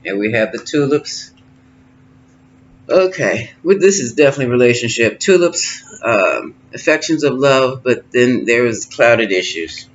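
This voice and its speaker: A man doing a tarot card reading, musing and thinking aloud with pauses, recorded at home. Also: mid-range voice, animated. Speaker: tarot reader. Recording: slightly dull lo-fi sound with faint noise.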